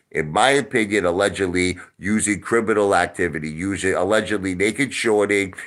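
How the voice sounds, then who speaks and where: A man's voice: low voice, a bit bright. A middle-aged man ranting on a livestream, boastful and mocking, with crude insults and repeated lines. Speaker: online video host.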